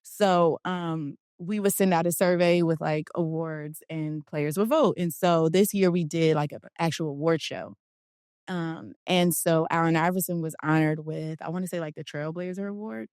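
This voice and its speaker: A woman from Philadelphia, a guest telling an animated story in a casual interview and acting out the quotes. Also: low voice, moderate pace, clear, resonant tone, no echo, clean studio sound. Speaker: guest, basketball players' union director.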